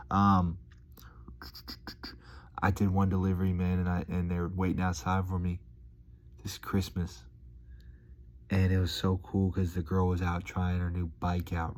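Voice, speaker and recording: A young man rambling casually to his viewers, slangy and meandering, with lots of fillers. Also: low voice. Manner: laid-back, slangy, meandering with many fillers. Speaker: vlogger.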